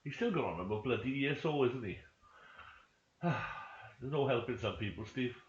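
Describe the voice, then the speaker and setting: A man's voice: medium pitch, animated, normal speed. A man chatting casually to friends while playing a roleplay game, rambling and mumbling to himself as things load. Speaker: gaming streamer. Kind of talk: casual chat while gaming. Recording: echoey room, dull lo-fi sound.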